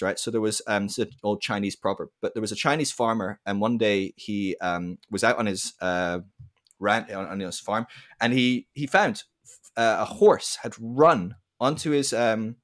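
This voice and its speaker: An animated man talking through ideas in an everyday conversation. He tells stories and throws himself into the quoted voices. His pitch sits in the middle, and he keeps checking in with "right?". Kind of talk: casual conversational storytelling.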